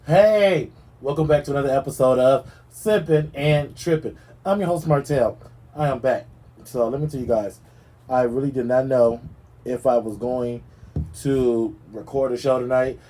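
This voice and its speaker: Sassy, animated man hosting a gossip show. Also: mid-range voice, moderate pace. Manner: animated, sassy storytelling with dramatic asides. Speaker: podcast host. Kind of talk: casual gossip commentary.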